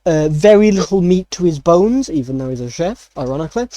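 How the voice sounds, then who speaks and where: A man's voice: fairly high pitch, expressive, brisk, warm tone, no echo. A man narrating as dungeon master in a casual, rambling way full of fillers. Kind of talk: narrating a tabletop game.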